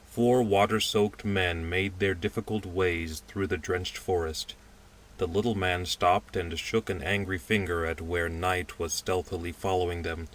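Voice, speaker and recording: A man with a low voice reads a classic story aloud. His pace is measured, and his delivery is expressive without being theatrical. He sounds like a plain audiobook narrator. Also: recorded from a distance. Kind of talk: scripted narration.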